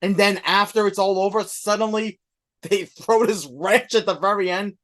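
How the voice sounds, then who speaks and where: A middle-aged man co-hosting a podcast, speaking casually with many pauses and restarts. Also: sits high, fairly even intonation, a bit bright. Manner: hesitant, many ums and restarts. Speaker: podcast co-host. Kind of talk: casual chat.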